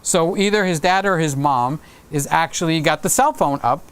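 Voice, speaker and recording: A man's voice: on the high side, moderate pace, fairly bright tone, smooth. A man hosting his own livestream, chatting casually and rambling through anecdotes while laughing at his own stories. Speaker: livestream host.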